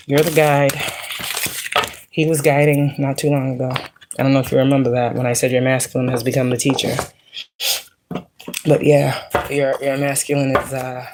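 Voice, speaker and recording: A woman's voice: rumbling low, flat delivery, normal speed, pauses often, background noise. Profane, joking spiritual reader woman. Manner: blunt, profane, joking asides. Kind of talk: casual spiritual reading.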